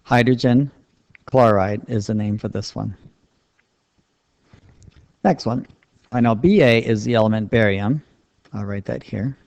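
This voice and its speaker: A man's voice: fairly low pitch, unhurried, creaky, long pauses, darkish tone, no echo. A man explaining a chemistry lesson step by step in a patient, plain-spoken way while writing on a board. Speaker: chemistry teacher. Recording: dull lo-fi dry recording.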